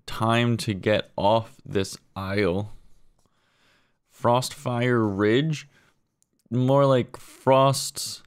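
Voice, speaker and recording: Slow deadpan young man. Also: fairly low pitch, clear, resonant tone. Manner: deadpan, slow drawn-out delivery with quick mumbled asides. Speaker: comedy video creator. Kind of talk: deadpan comedic pun list.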